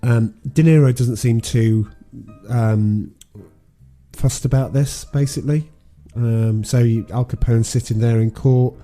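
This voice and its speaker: A man's voice: mid-range voice, steady tone, unhurried, dark tone, faint music behind. A man co-hosting a podcast, casually retelling a film plot with many ums and restarts. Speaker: podcast co-host. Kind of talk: casual film recap chat.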